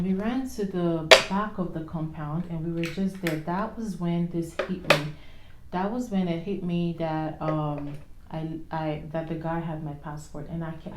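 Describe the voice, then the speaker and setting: A woman with a slightly low voice chats to her viewers as she puts on her makeup. She tells a personal story in an animated, rambling way, full of "um"s and restarts. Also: roomy sound, slight background noise. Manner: animated retelling with many fillers and restarts. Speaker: vlogger. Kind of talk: storytime chat while doing makeup.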